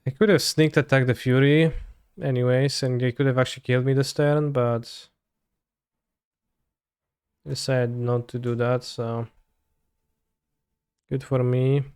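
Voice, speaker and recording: Smooth, dry-voiced man streaming a card game. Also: mid-range voice, fairly even intonation, a little slow, pauses often, darkish tone, dry recording. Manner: muttering to himself, loose and offhand, trailing off. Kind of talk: casual live play commentary.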